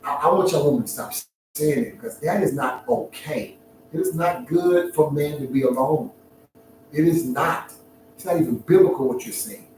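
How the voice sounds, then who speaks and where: A man giving an emotional, heartfelt talk, swinging from hushed near-whispers to loud preaching. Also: on the high side, slight background noise. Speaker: talk show host. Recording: very echoey room, far from the mic, clear music behind.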